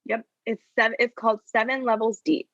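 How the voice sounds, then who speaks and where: In a slightly high, somewhat bright voice with a level tone at normal speed, a woman who coaches business owners talks earnestly as a podcast guest. Her conversational interview answers are full of "right?" and "you know," and the lo-fi recording has no room sound.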